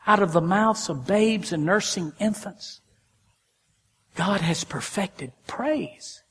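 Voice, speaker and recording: A man delivers a folksy sermon in a fairly high voice. He builds to loud, ringing peaks and then drops to near-whispers. The sound carries a long reverb, as from a church sanctuary. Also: takes it slowly, breathy edge. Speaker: pastor.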